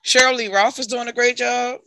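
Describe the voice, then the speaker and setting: A woman co-hosting a casual chat, animated and quick to laugh. Her voice is bright and forceful, recorded dry and close. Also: fairly high pitch, creaky, no echo. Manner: chatty, animated, laughs often. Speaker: co-host.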